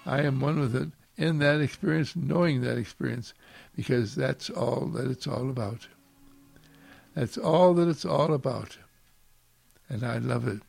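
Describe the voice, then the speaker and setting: Gravelly man giving an uplifting talk. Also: medium pitch, a little slow, darkish tone, faint music behind. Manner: repetitive, rhetorical questions, effusive. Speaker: spiritual practitioner giving uplifting talks. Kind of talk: inspirational spiritual talk.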